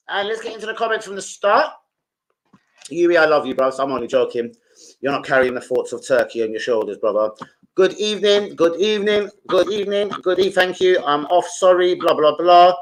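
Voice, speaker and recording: An older man, chatting casually on a live stream, shouting out to viewers and swearing freely. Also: fairly high pitch, animated, brisk.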